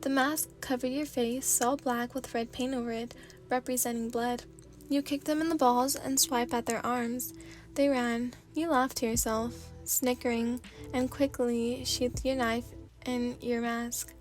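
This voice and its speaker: A woman's voice: fairly high pitch, level tone, unhurried, faint music behind. A woman narrating a second-person fanfiction story in an ASMR reading style.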